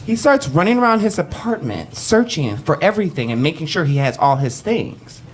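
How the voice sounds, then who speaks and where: A man telling a comic story on a cabaret stage to a live audience, animated and profane, acting out the voices of the people in it. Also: on the high side, normal speed, slight background noise.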